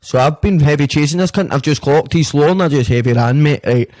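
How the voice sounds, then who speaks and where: A man's voice: on the high side, brisk, darkish tone. A man with a Glaswegian Scottish accent, a podcast guest telling a story in a rambling, slangy way full of swearing and fillers. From Scotland, Glasgow. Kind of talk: casual storytelling chat.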